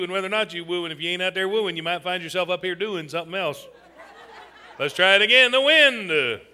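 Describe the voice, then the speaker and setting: A man hosting a comedy show, teasing audience members in a loud, folksy way. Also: high voice, noisy background. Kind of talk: audience participation stand-up. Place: theater stage with live audience. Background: audience laughter.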